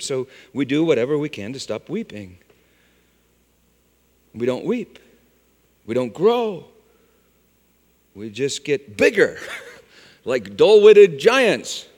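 A man preaching a sermon, swinging from loud exclamations to hushed, low phrases. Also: big pitch swings, slow pace, pauses often. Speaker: pastor. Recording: long hall reverb.

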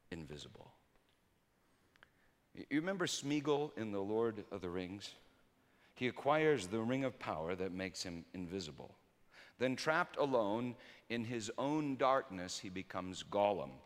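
A man preaching a sermon through personal stories, swinging between loud emphasis and hushed quiet. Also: fairly low pitch, big pitch swings, measured pace, pauses often. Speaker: pastor. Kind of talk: storytelling sermon. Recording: reverberant hall.

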